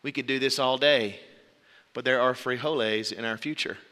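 A man's voice: mid-range voice, normal speed, long reverb tail, a little hiss or hum. A man preaching a sermon, earnest, telling stories to make his point. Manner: earnest, storytelling, shouts out quoted voices.

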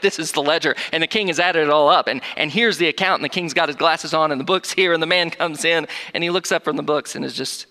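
Earnest preacher man in a reverberant hall. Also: on the high side. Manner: earnest, animated, often repeats words when restarting. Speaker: pastor. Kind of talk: sermon.

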